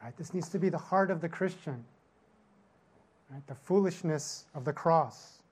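A man's voice: on the high side, moderate pace, breathy edge. A middle-aged male pastor giving a conversational sermon, telling a story and checking in with "right?" after nearly every line. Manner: storytelling with constant "right?" tag questions.

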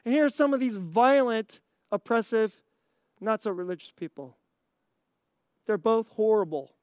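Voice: medium pitch, moderate pace, darkish tone, clean tone, no echo, studio quality. A preacher giving a sermon, asking the listeners rhetorical questions and laughing between points.

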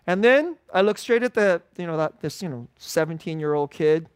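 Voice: mid-range voice, lively intonation, moderate pace, clean tone, no echo, clean studio sound. A pastor giving an informal, conversational sermon at a church service, repeating key phrases and chuckling often.

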